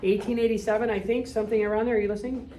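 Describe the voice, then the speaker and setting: A woman's voice: a little high, flat delivery, mellow, a little hiss or hum. A woman, giving a blunt, quizzing history lecture to a classroom. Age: 60s. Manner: blunt, quizzing students with rapid questions. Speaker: history teacher. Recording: echoey room, distant mic.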